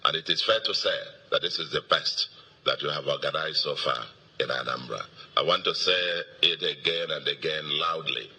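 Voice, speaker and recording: A middle-aged Nigerian man, a governor, giving an emphatic victory speech to supporters, repeating key words and pausing with fillers. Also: very deep voice, sharp tone, husky. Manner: emphatic, repetitive oratory with pauses and fillers. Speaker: state governor.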